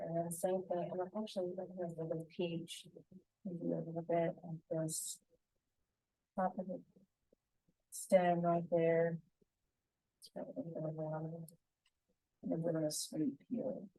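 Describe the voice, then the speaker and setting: A woman teaching a painting tutorial, talking calmly and gently through each brushstroke. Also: on the low side, unhurried, long pauses, no room sound, rough recording. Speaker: painting instructor.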